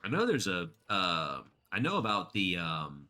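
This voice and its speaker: A man's voice: low voice, huge pitch swings, a little slow, bright, forceful tone. A man streaming a game, rambling casually and chatting with his viewers. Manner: rambling, chatty, reads chat aloud. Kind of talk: casual gameplay commentary.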